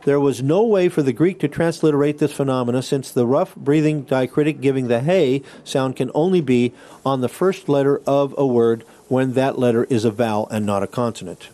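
A man's voice: mid-range voice, a little fast, dark tone. A man teaching a class, explaining patiently, restarting phrases and checking in with his listeners. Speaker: Bible Greek teacher. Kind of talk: classroom lecture.

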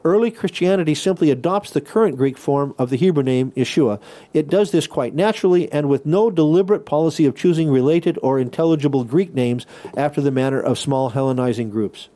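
A man teaching a Bible lesson in a podcast lecture. His voice sits a little high but sounds warm and mellow. He reads passages aloud and walks through Greek words point by point. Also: fairly quick.

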